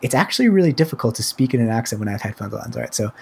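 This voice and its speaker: Over a remote call on a headset mic, a young man co-hosts a podcast, chatting casually, rambling, and hesitating often. His mid-range voice is animated, creaky, husky, and racing.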